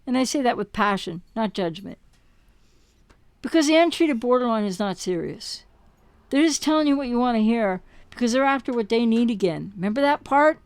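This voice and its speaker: Woman, recovery coach, impassioned, rhetorical, higher voice, dry sound. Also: animated, normal speed, no room sound. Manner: emphatic, repeats words, rhetorical questions, mimics others. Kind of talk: impassioned direct-to-camera monologue.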